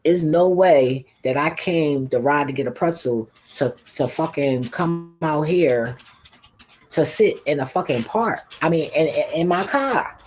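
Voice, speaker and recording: A man's voice: a little high, expressive, measured pace, a little mellow, rough recording. A man hosting a livestream, telling a story casually in a blunt, profane, laughing way. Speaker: livestream host. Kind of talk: casual storytelling to a live audience.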